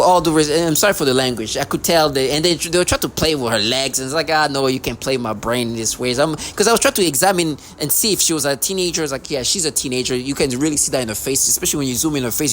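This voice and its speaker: A man speaks straight to his camera in a long, agitated ramble. He loops back over the same points, breaks off mid-sentence and swears freely. His voice sits at an ordinary middle pitch, with a faint hiss of noise behind it. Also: racing, fairly bright tone. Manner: agitated, repetitive, profane, many restarts. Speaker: vlogger.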